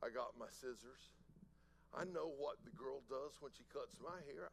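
A middle-aged man preaching a sermon, telling a personal story softly and then building to loud, slow emphatic preaching. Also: mid-range voice, gravelly, low-quality recording. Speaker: pastor.

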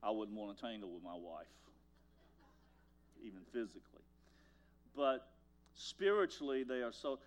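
An older man preaching a sermon as pastor, telling folksy stories and swinging from loud lines to hushed ones. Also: fairly low pitch, lively intonation, moderate pace, long pauses.

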